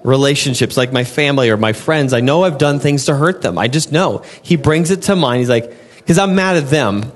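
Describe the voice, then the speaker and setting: A young adult man preaches a sermon in an expressive, medium-pitched voice at a brisk pace. He's earnest and conversational, often acting out his own prayers and God's answers.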